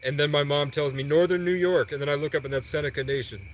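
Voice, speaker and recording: A man's voice: fairly high pitch, a little hiss or hum. A young man on a livestream, telling a long rambling personal story and acting out the dialogue. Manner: animated, quoting others in quick dialogue.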